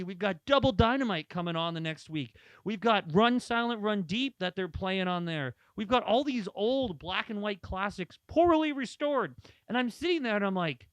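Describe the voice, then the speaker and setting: A man with a somewhat high voice tells long, rambling stories in a casual chat and acts out the people he quotes. The sound is dry and close, with no room echo. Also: animated, normal speed. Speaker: podcast co-host.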